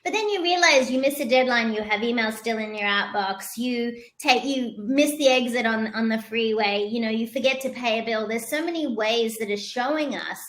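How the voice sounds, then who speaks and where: A woman guest on a podcast, telling stories in a lively, expressive way. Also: on the high side, normal speed, few pauses, echoey room. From moved to the US from abroad. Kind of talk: storytelling interview talk.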